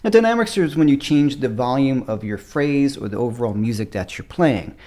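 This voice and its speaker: A middle-aged man teaching a guitar lesson, shifting between louder and softer speech on purpose. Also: lively intonation, a little fast. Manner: varies loudness and pitch on purpose to show dynamics. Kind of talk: guitar lesson, talking to camera. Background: guitar playing.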